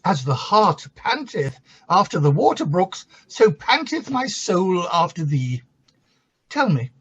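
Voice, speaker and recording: An actor playing a tipsy, flirtatious bishop who fusses and quotes scripture. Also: male voice, high-pitched, a bit bright, husky, heavily acted. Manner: fussy, camp, quoting scripture. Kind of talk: comic stage play reading. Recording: dull lo-fi recording.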